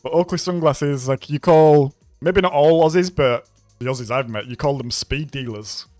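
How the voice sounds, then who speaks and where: A young man chats away on a live stream, rambling from one thought to the next and laughing often. His voice sits at a middling pitch and sounds dry and close. Faint music runs underneath. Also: fairly even intonation, normal speed, darkish tone, no echo. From Bradford, England. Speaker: racing game streamer. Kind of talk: casual live-stream chat.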